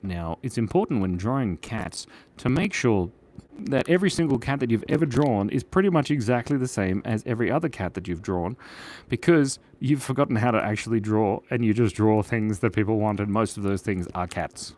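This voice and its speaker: The young man hosting this live drawing stream has a lowish, darkish-toned voice and speaks briskly and expressively. He chats playfully, giggles, and reads viewer comments in a casual drawing session.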